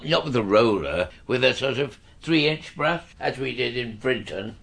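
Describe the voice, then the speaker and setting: An actor playing a mild, rambling older father in a comedy drama, with a husky voice. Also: mid-range voice, expressive, unhurried, a bit bright, full character voice. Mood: puzzled. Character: pale vague old father in pyjamas. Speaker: father thought dead.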